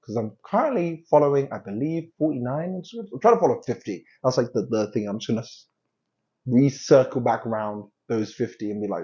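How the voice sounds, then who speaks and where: A man's voice: medium pitch, lively intonation, brisk, mellow, lo-fi sound. A man from London hosting a casual commentary, rambling and joking at himself, often trailing off and restarting. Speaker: host.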